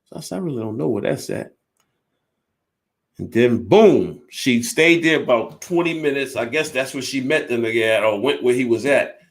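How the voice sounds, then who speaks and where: A man's voice: medium pitch, lively intonation, moderate pace. A man in his fifties telling a personal story bluntly and candidly, swearing freely and acting out both sides of an argument. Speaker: storyteller recounting his life.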